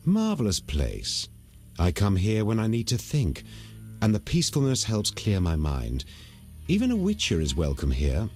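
An actor playing a courteous male elven druid in a video game, speaking in a measured way. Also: lowish voice, huge pitch swings, darkish tone, soft background music. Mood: calm.

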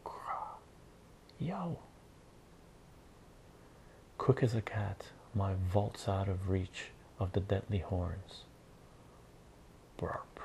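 A man reading a comic aloud in a soft, whispered ASMR style, adding his own sound effects. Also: low-pitched, level tone, unhurried, gravelly, few pauses, a little hiss or hum.

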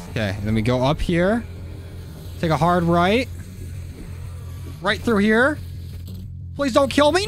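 A young man giving casual, profane commentary while playing a game, talking to the characters on screen and yelling when things go wrong. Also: mid-range voice. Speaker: gaming YouTuber. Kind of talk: live gameplay commentary. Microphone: studio dynamic mic.

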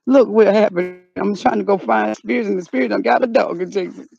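A man vlogging outdoors in a loud, dramatic comic style, often yelping and shouting. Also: high voice, moderate pace, vocal fry, slightly rough, no room sound, highs cut off. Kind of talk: comedic outdoor vlog.

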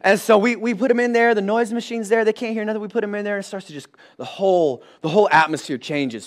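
A man in his thirties preaching a sermon in church, animated and comic as he acts out scenes with his kids. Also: sits high, quick pace, hardly any pauses. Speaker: pastor.

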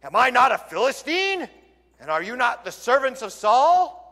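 A preacher acting out a boastful giant warrior shouting a challenge, in a hall with long reverb. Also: male voice, sing-song, slow, full character voice. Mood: booming taunt. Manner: loud, booming challenge.

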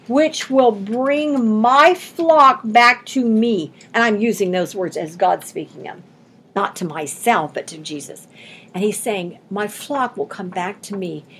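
A woman's voice: a little high, husky. A woman pastor preaching an expository sermon in a church, reading scripture aloud and explaining it in a folksy, emphatic way.

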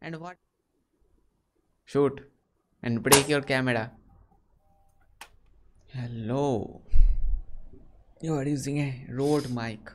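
A man's voice: medium pitch, steady tone, takes it slowly, long pauses, slight background noise. A man from India hosting casual video chats with strangers and asking lots of short, curious questions over a video call. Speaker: host.

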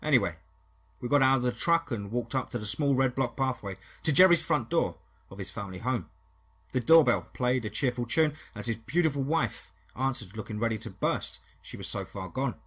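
A man narrating a first-person horror story in a steady, dramatic storytelling manner. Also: mid-range voice, fairly quick, husky.

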